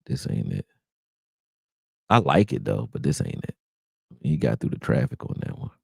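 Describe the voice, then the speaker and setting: Animated gravelly man ranting over game film. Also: a bass voice, normal speed, no room sound, clean studio sound. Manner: animated, profane, exasperated, talks to viewers as y'all. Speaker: sports channel host breaking down game film. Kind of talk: casual raw film breakdown. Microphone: close desktop mic, screen sharing.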